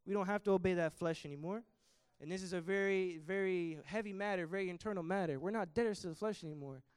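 Impassioned high-voiced young preacher. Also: male voice, fast, smooth, no room sound, clean studio sound. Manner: impassioned preaching, surges in volume on scripture quotes. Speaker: youth preacher. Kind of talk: sermon. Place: church.

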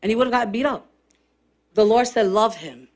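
A woman pastor preaching a sermon to her congregation, impassioned and building to shouted, repeated refrains. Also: on the high side, fairly even intonation, fairly quick. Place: church service with responding congregation.

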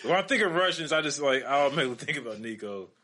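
A man co-hosting a casual podcast, talking at a middling pitch. He keeps breaking into laughter and trails off into fillers mid-sentence. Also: animated, pushed and bright. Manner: laughing, loose, halting with fillers. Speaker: podcast co-host. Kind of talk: casual chat.

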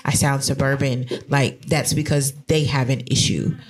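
A woman's voice: a bass voice, steady tone, moderate pace. A woman guest in a candid interview, talking in a frank, blunt way with casual swearing and plenty of fillers. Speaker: guest, graphic designer.

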